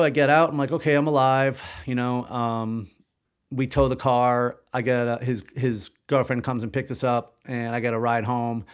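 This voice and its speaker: A man's voice: mid-range voice, clear, resonant tone. A man in his forties, a podcast guest, telling a personal story in a rambling, candid way, with the odd swear word. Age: 40s. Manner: rambling, swears when recounting shock.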